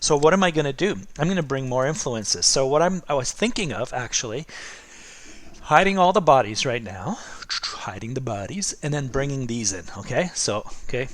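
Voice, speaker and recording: A man's voice: mid-range voice, animated, normal speed. A middle-aged man teaching art over a drawing demo, chatty and encouraging, checking in with "okay?" and "right?" all the time.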